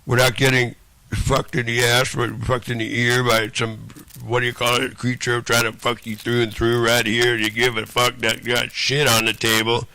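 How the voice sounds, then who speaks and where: Gravelly man on a profane rant. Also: mid-range voice, monotone, normal speed, bright, forceful tone, no room sound. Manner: profane, repetitive, rambling rant. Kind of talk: rambling monologue.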